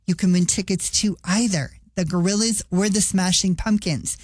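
A woman's voice: medium pitch, steady tone, moderate pace, a little mellow, no echo, studio quality. A woman radio host reading a contest promo in an upbeat, chatty way.

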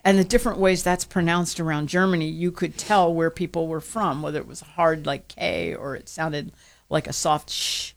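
Chatty radio lady, bit low in pitch, casual conversational talk. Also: steady tone, normal speed. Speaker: radio show co-host.

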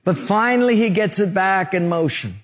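A male pastor preaching a sermon, telling vivid stories with lively emphasis. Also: sits high, moderate pace. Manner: animated storytelling preacher.

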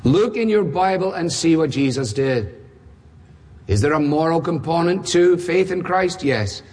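A man's voice: a little high, animated, a little slow, a little mellow, slightly rough. A man preaching a sermon, firing rhetorical questions with wry asides and dramatic emphasis. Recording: long hall reverb.

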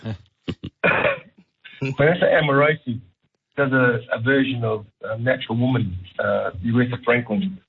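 A male caller phones into a radio show, talking hesitantly with plenty of ums. His pitch is mid-range. The sound comes through a tinny phone line. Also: steady tone, normal speed, long pauses. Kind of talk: phone-in chat. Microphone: telephone.

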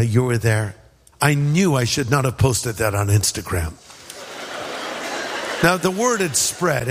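A man's voice: sits high, long reverb tail. A man from California preaching a sermon in a conversational way, acting out quotes and adding asides. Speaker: pastor.

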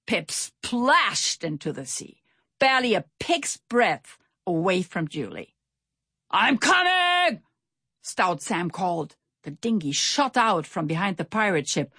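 Slow, breathy storybook narrator woman. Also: mid-range voice, dry recording, studio quality. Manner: expressive, animated reading.

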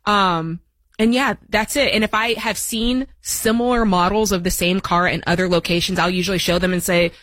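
A woman's voice: mid-range voice, steady tone, normal speed, a bit bright, no room sound. Practical woman co-host giving advice. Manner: practical, step-by-step advice giver. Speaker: co-host of a call-in money show. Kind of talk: casual radio advice chat.

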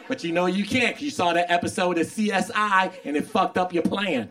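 A man doing a stand-up comedy set, animated and acting out little scenes. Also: a little high, a little fast. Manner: animated, acts out voices with shouted bits.

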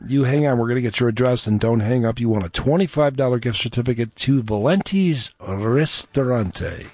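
A man's voice: medium pitch, expressive, normal speed, a little mellow, dry recording. A man hosting a call-in radio show, chatty and joking, rambling easily. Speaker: radio host. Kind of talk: casual call-in chat. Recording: dry studio mic, faint music.

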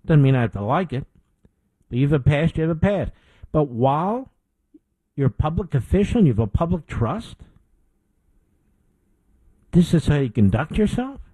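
A man's voice: a little high, sing-song, moderate pace, pauses often, mellow, breathy edge, dry recording, low-quality recording. A middle-aged man hosting a political talk show, delivering an indignant opinion monologue with emphatic repetition.

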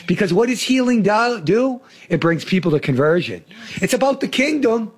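A man's voice: high voice, big pitch swings, moderate pace, breathy edge. A man hosting a faith talk, preaching fervently about salvation and healing. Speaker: host.

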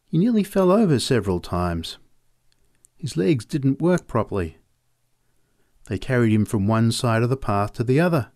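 Guy reading stories out loud, lots of ups and downs in his voice, dry close mic. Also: mid-range voice, normal speed, long pauses, no echo. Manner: expressive, varied storytelling delivery. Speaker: narrator. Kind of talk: reading short stories aloud.

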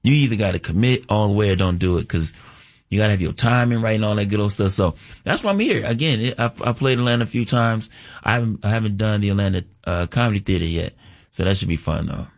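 A man, a comedian and actor chatting as a guest in a casual radio interview, animated and playful. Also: lowish voice, fast. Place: college radio studio.

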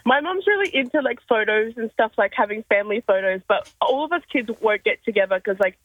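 A woman's voice: a little high, animated, fast talker, no room sound. Woman caller, hesitant, muffled phone-line sound. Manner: hesitant, giggly.

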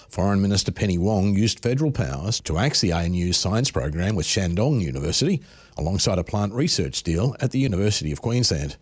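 Male newsreader, quick husky low voice, formal bulletin read. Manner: brisk formal delivery. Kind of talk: radio news reading.

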